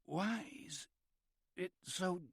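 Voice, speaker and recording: A man's voice: high-pitched, drawn-out words, gravelly, husky, no room sound, clean studio sound, voice pushed up, heavily acted. Man voicing a panicked bandaged film star. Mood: dazed, pleading. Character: frightened male film star after surgery.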